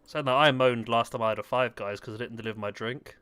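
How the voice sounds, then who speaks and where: A gaming video host with a mid-range, smooth, slightly bright voice talks at a quick pace. He chats casually while playing a game, joking, swearing and laughing often.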